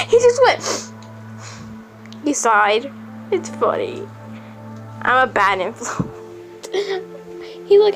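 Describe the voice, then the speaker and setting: A woman's voice: sits high, huge pitch swings, very slow, long pauses, fairly bright tone, faint music behind, rough recording. A young woman vlogging casually at home with her cat, rambling and giggly, swearing now and then. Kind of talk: casual chat to camera.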